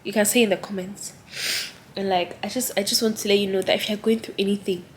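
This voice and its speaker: A woman's voice: medium pitch, steady tone, fast talker, slight background noise. A young woman vlogging to her phone camera in a chatty, heartfelt way, with lots of "like" fillers. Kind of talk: casual vlog talk to camera. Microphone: handheld phone camera.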